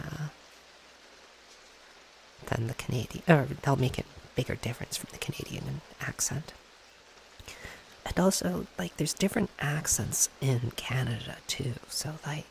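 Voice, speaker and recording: A VTuber streamer talking in a whispered ASMR style in a relaxed, chatty way, answering chat close to the mic. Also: mid-range voice, unhurried, slight background noise, rough recording. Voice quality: soft whisper with gravelly fry.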